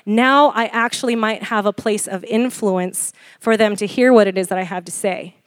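A woman in her forties preaching a sermon, animated and laughing often as she questions the congregation. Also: mid-range voice, moderate pace, no room sound, clean studio sound. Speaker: pastor.

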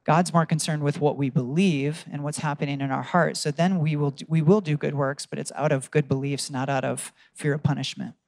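Guy preaching, kinda higher voice, earnest, asks the crowd stuff, dry sound. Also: steady tone, brisk, vocal fry, few pauses, a little mellow, dry recording. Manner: earnest storytelling, asks the congregation questions. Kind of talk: sermon.

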